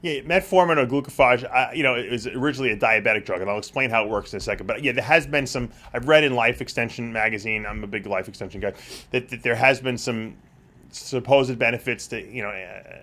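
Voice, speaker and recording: A man's voice: mid-range voice, fast, sharp tone. A man talks through listener questions in a loose, rambling way. He is full of "you know" and "uh" and often restarts his sentences. He sounds like a host speaking off the cuff in a studio. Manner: rambling, frequent fillers and restarts. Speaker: show host answering viewer questions. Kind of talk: casual live Q&A talk.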